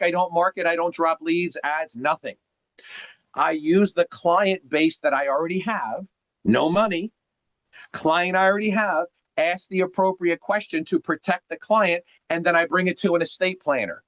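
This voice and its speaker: A man's voice: fairly high pitch, a bit bright, dry recording. Emphatic coaching man, dry sound. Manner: emphatic, teacherly, uses rhetorical questions. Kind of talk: coaching on a group call.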